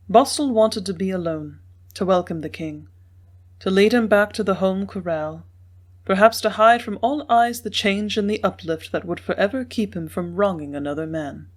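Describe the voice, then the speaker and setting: A woman narrating a classic Western novel in a measured reading style. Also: medium pitch. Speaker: audiobook narrator. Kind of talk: scripted narration.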